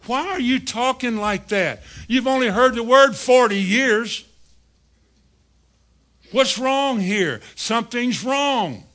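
A male pastor preaches a sermon, putting questions to his congregation and acting out a voice talking to itself. His voice sits high and bright. He keeps an unhurried pace.

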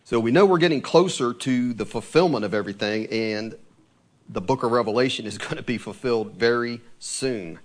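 A man's voice: mid-range voice, moderate pace. A man preaching a conversational sermon in a church, often asking his listeners tag questions like "right?". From Ohio. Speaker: pastor.

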